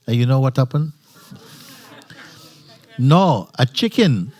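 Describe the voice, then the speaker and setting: Against some background noise, a man speaks slowly with medium pitch and lively intonation. He's a spiritual teacher at a retreat, laughing often and restarting as he tells stories in an informal satsang talk, phrasing things like a non-native speaker.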